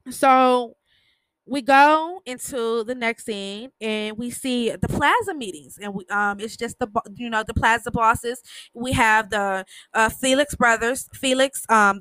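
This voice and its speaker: Woman, higher voice, chatty podcast recap, dry close sound. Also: bright, forceful tone, smooth, no echo. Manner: chatty, retells scenes with quoted lines. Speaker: podcast host. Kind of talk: casual TV recap.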